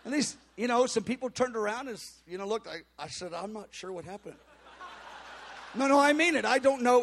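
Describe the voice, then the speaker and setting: A middle-aged pastor tells a story during a sermon, acting out the characters' voices with sudden shouts and quiet mutters. He speaks fairly quickly in a high-pitched voice.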